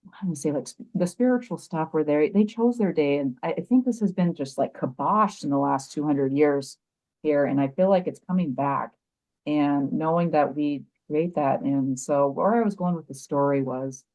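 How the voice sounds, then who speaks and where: A middle-aged woman with a low-leaning, mellow, warm voice speaks as a podcast guest. She tells a personal story candidly, stopping and restarting her sentences and filling gaps with "like" and "you know.". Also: low-quality recording. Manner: halting, frequent restarts and "like". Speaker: nurse and mindset coach, podcast guest.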